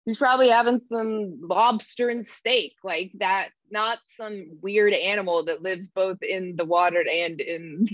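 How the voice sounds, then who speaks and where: Young canadian woman telling stories, kinda low voice, muffled dry audio. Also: slow, hardly any pauses, dry recording. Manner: chatty storytelling with animated quoted asides. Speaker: guest. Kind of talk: casual podcast chat.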